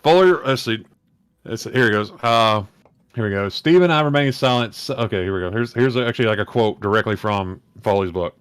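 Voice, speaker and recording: A man's voice: on the low side, fairly quick, clean tone, no echo. A man hosting a podcast, reading aloud and chatting in a rambling, self-correcting way on a close mic. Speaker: podcast host. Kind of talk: casual chat, reading aloud.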